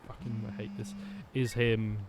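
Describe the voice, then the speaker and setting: A man's voice: lowish voice, flat delivery, moderate pace, crowd noise. A tired man streaming a game, rambling through wry casual commentary with lots of restarts. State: tired, yawning. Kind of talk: casual commentary over gameplay.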